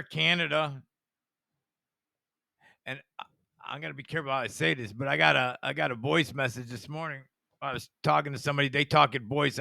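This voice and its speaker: A man's voice: on the high side, vocal fry, pushed and bright, dry recording. A man giving rambling, profane commentary with a conspiratorial edge, full of asides and chuckles. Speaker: online commentator.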